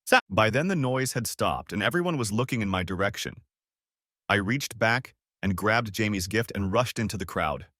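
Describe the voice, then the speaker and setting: A man narrating a first-person story as an audiobook, in an expressive storytelling way. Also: fairly low pitch, moderate pace, no echo, clean studio sound.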